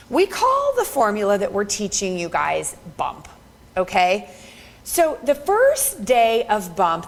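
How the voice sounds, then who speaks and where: Bubbly woman leading a live workshop. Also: mid-range voice. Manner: bubbly and encouraging, laughs often. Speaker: workshop presenter. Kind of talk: upbeat live workshop talk.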